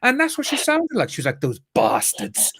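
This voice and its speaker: A man's voice: very high-pitched, quick pace, no echo, clean studio sound. Chatty British man on a stream. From United Kingdom. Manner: animated, laughing often, quoting people in voices. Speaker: YouTube commentator co-hosting a live stream. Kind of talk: casual chat.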